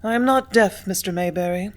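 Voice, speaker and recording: A composed young office woman who stays quiet and cool under pressure, read by a woman narrator. Her replies are tart and precise. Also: lowish voice, moderate pace, natural voice. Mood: firm.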